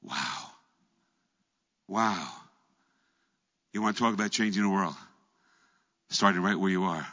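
Middle-aged male pastor, bright husky voice, storytelling sermon, long hall reverb on a dull lo-fi recording. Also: low voice, lively intonation, unhurried, long pauses. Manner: storytelling preacher, acts out voices and swings from quiet to loud. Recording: echoey hall, dull lo-fi sound.

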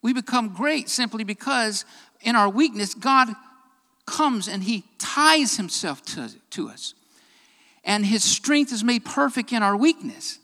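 Bright emphatic preacher, repeats lines for stress, rising fervor, long hall reverb. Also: mid-range voice, lively intonation, a little slow. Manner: emphatic, builds to raised fervent passages. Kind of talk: sermon.

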